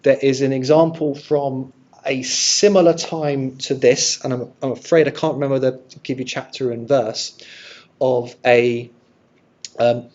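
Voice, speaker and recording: Unhurried and a little mellow, this man's mid-range voice keeps fairly even intonation as he presents an illustrated history lecture in a room with a live audience and audience questions. An archive presenter, he's friendly, thinking aloud with restarts. Audio is dull lo-fi.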